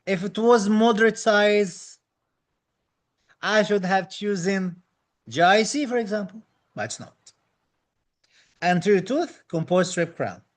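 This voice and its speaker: A high-pitched man with as a teaches a live online dental exam class. He talks with eager enthusiasm, repeating key phrases to encourage his students. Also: lively intonation, unhurried, long pauses. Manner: enthusiastic, reads out viewer comments, repeats phrases.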